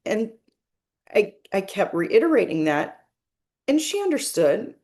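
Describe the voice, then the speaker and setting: Slow-talking woman medium, gentle and earnest, mid-pitched voice, kind of repeats herself. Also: very animated. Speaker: spiritual medium. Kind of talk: reflective monologue.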